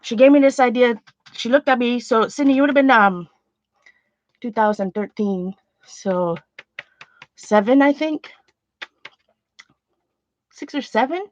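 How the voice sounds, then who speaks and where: A woman's voice: a little high, measured pace, pauses often, dry recording. A woman hosting a casual livestream from home, talking in an earnest, rambling, chatty way. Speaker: art channel host. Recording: dull lo-fi sound.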